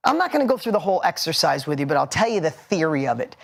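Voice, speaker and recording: A man's voice: on the high side, big pitch swings, very fast, vocal fry. A man in his forties giving a motivational seminar talk, punchy and emphatic, hammering points with repetition. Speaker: motivational speaker.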